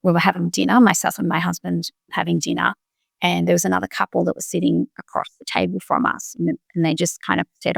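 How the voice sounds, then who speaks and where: Gravelly low-voiced woman, reflective. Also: steady tone, a little fast, no room sound, studio quality. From Australia. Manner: reflective, speaks in short restarting phrases. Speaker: guest, doctor. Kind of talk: interview conversation.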